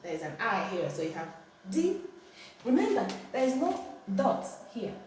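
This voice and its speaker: A woman's voice: on the high side, big pitch swings, normal speed, darkish tone. A woman with a Nigerian accent teaching a language lesson at home, firmly correcting and repeating words with exaggerated tones. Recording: echoey room, distant mic, faint noise.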